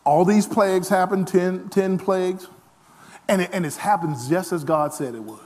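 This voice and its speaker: A man preaching a lively sermon as pastor, self-deprecating, with frequent call-and-response asides. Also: high voice, moderate pace.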